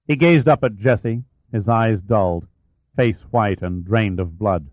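A man reading an audiobook chapter aloud in steady, measured scripted narration, voicing the dialogue quietly. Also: lowish voice, no room sound, narrow, tinny audio.

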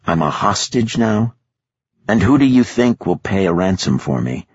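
A man's voice: low voice, sing-song, moderate pace, slightly rough, no echo, lo-fi sound, full character voice. A man voicing a defiant male hostage with a sardonic, questioning manner.

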